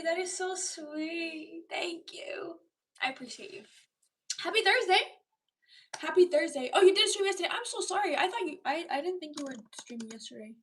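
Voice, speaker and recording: Woman streamer in her 30s, high voice, breezy live chat with whispered asides. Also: distant mic. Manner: chatty, reads viewer comments aloud, drops into whispered asides. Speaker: livestreamer chatting with viewers. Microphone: built-in device mic, not a dedicated microphone.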